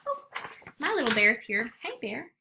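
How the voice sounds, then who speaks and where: A woman school librarian reading a picture book aloud to young children at home, in an animated, expressive storytelling voice. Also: on the high side, normal speed, vocal fry, very noisy.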